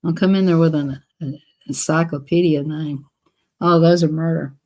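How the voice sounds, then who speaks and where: A woman's voice: deep voice, steady tone, normal speed, mellow. A woman hosting a casual live stream, chatting in a rambling, repetitive way. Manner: rambling, chatty, repeats herself.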